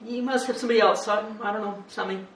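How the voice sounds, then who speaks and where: A woman preacher voicing a flustered, panicky man who stammers out loud, high-pitched denials. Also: fairly even intonation, racing, close to an everyday voice. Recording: roomy echo, distant mic.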